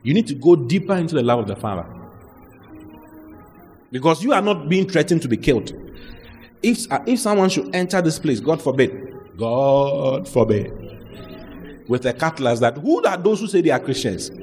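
A man preaching a lively sermon, mixing humor and acted-out quotes. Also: on the high side, a little fast, pauses often, in a large hall, faint music behind. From Ghana. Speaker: pastor.

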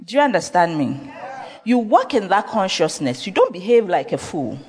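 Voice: mid-range voice, big pitch swings, normal speed, a little mellow. Pastor preaching, repeats himself a lot, asks the crowd questions, big echoey church hall. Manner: emphatic, repeats phrases, asks rhetorical questions. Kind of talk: sermon. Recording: long reverb of a large hall.

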